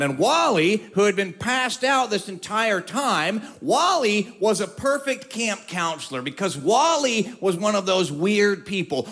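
A man telling a funny story to an audience, with wry, drawn-out comic timing. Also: high voice, fairly bright tone.

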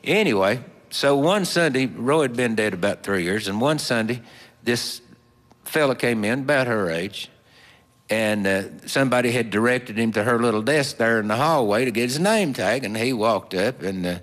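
A man telling a folksy story in a slow, drawling, homespun way with plenty of fillers. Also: medium pitch, lively intonation, fairly bright tone. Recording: long hall reverb.

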